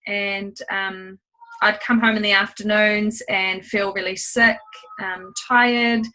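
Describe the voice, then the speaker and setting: A woman in her thirties speaks slowly over a video call, her voice bright and forward. She tells her story in an unhurried way and stops often to say um. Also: mid-range voice, flat delivery, poor audio. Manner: unhurried, with frequent ums. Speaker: guest speaker. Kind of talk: testimonial.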